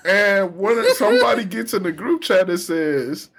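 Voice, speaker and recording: A man's voice: high-pitched, unhurried, creaky, hardly any pauses, fairly bright tone, a little hiss or hum. Laughing man telling a story. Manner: laughs often while telling a story, slangy. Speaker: podcast co-host. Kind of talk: casual chat.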